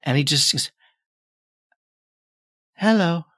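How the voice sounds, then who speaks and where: A man running a tabletop game, narrating in a casual, rambling style full of fillers. His voice is mid-pitched, and the sound is close and dry. He keeps it loose and conversational. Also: moderate pace, pushed and bright, dry recording. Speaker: game master.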